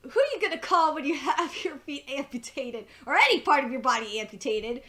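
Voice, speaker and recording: A woman with a high, bright voice talks through a TV episode in a loose, chatty review. She is excitable, laughs often and swears freely. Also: brisk. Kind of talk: casual spoken review.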